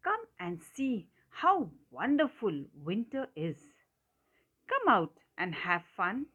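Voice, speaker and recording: A woman voicing an eager, cheerful male frog from a storybook, calling out loud and high. His lines come slowly, each word set apart. The recording sounds muffled and lo-fi. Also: very animated. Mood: excited calling.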